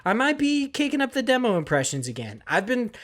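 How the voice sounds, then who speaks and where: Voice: medium pitch, big pitch swings, a little fast, a crowd in the background. A podcast co-host in casual chat, rambling and swearing freely.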